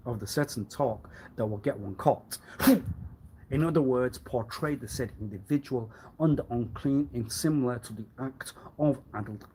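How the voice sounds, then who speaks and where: A man rambling alone on a livestream in a meandering way, repeating himself and often clearing his throat. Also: mid-range voice, a little mellow, slight background noise. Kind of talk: rambling solo livestream monologue.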